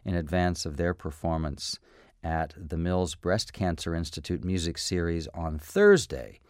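Low-voiced man hosting local radio, event listings, unhurried delivery with fillers. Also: no echo, studio quality. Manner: relaxed, with frequent fillers. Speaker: radio host. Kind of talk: community radio announcements.

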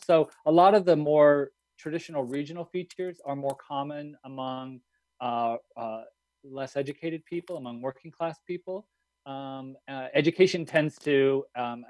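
A man speaks as a guest expert on a radio talk show, explaining thoughtfully and pausing often to find his words. His voice sits at an average pitch and is recorded close and dry. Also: no room sound. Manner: thoughtful, many fillers and restarts. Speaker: linguist guest.

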